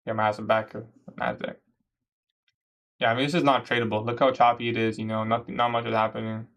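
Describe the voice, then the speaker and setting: A young man from Canada casually chatting on a trading livestream, answering viewer questions in a relaxed, slangy way. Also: medium pitch, fairly quick, vocal fry. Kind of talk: casual livestream chat reading comments.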